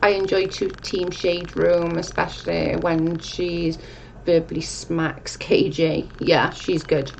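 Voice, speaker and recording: A woman's voice: lowish voice, fairly even intonation, measured pace, gravelly, highs cut off, a little hiss or hum. A young woman casually chatting on a live stream, reading viewer comments and rambling, with casual swearing.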